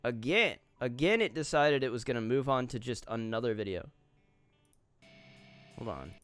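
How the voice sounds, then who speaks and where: Male streamer, mid-pitched voice, casual offhand reactions, soft guitar music underneath. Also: animated, moderate pace, clear, resonant tone. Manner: reactive, reads posts aloud and comments offhand. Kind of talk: casual live-stream commentary. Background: faint guitar music.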